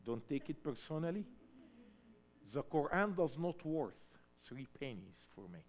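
Man from Egypt, preacher, high animated voice, unhurried, shifts from hushed to shouting. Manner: emphatic, swings from hushed to shouting. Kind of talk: sermon testimony.

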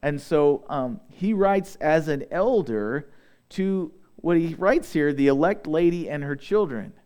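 A young man preaches in a fairly high voice. He reads scripture aloud and stretches out key words when he wants them to land. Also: lively intonation, a little mellow, clean tone. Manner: earnest preaching, slowing for emphasis on scripture. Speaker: pastor. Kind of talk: sermon.

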